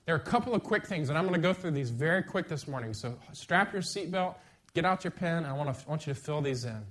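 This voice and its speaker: A middle-aged pastor delivers a sermon in a lively, conversational style, his fairly high voice moving fast and breaking into sudden bursts of emphasis.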